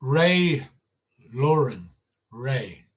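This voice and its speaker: A man's voice: mid-range voice, very animated, extremely slow. An older man with an American Midwestern accent, chatting casually on a live stream as the channel host, rambling with fillers and restarts.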